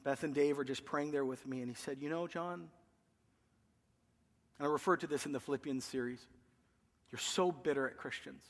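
A man's voice: on the high side, moderate pace, long pauses, big-room sound. A man, a pastor, earnestly telling a personal story in a sermon, his voice rising when he quotes himself. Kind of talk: sermon testimony.

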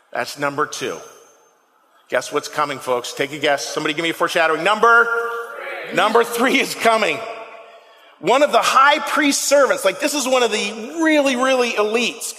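A pastor with a bright, high voice gives a lively sermon into a handheld microphone, his words ringing through a long, reverberant church sanctuary. Animated and conversational, he keeps putting questions to the people in the pews.

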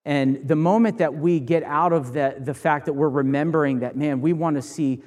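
Man, pastor, conversational sermon, anecdotal, slightly high voice, chatty with fillers. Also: moderate pace, darkish tone. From Northern Virginia. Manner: casual, storytelling, many fillers and restarts.

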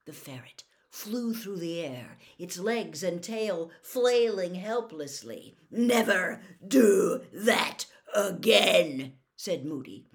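A woman reading a novel aloud as a storyteller, in an unhurried, expressive manner. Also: lowish voice. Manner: unhurried, expressive, swinging intonation.

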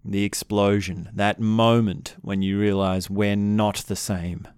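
Calm man giving a reflective talk. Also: lowish voice, clear, resonant tone, no echo, clean studio sound. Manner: calm, unhurried, acts out quoted couples. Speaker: relationship teacher.

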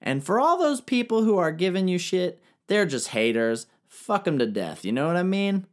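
A man's voice: high-pitched, sing-song, moderate pace, pitched above the performer's own voice. A young man voicing a blunt, breezy mother reassuring her son.

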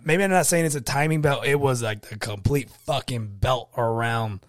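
A man co-hosting a casual podcast, swearing freely as he tells an animated story. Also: medium pitch, normal speed, no room sound, studio quality. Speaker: podcast co-host.

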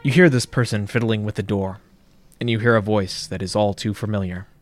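A man narrating a tabletop role-playing game as game master, describing scenes calmly. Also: lowish voice, a little fast, soft background music.

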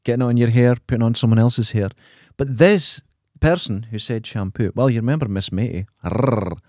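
A man's voice: medium pitch, a little fast, warm tone, dry recording, studio quality. A Scottish man co-hosting a podcast, telling wry, sweary anecdotes in casual chat. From Scotland. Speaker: podcast co-host.

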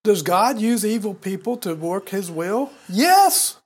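Emphatic older man, husky voice. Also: high voice, moderate pace. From United States. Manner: emphatic, exhorting, repeats words when heated. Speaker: podcast co-host. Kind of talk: preachy podcast commentary.

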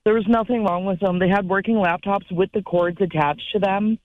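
A male caller sharing an anecdote in halting, broken-off sentences. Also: sits high, steady tone, dry recording. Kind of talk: phone-in anecdote. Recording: tinny dry phone line.

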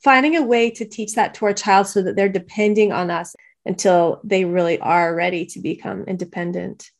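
A woman's voice: medium pitch, fairly even intonation, normal speed. Thoughtful woman co-hosting a parenting podcast. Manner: thoughtful, sharing personal parenting stories. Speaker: podcast co-host. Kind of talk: casual panel discussion.

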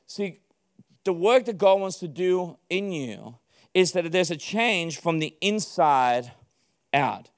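A male pastor preaching to a room of leaders. His voice sits fairly high for a man, and he keeps it animated, laughing often and slipping into quick acted-out exchanges. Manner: animated, laughing, acting out dialogue. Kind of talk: sermon to church leaders.

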